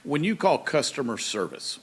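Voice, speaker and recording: A man's voice: a little high, sing-song, moderate pace, breathy edge. Pastor-host, male, folksy and chatty, acts out quotes. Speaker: pastor and talk show host. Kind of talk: casual monologue.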